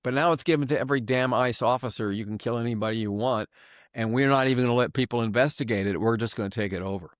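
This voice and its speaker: A man's voice: medium pitch, fast talker, no echo. Brief: older male commentator, sarcastic and furious, dry close sound. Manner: angry, emphatic, sarcastic. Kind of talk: monologue political commentary.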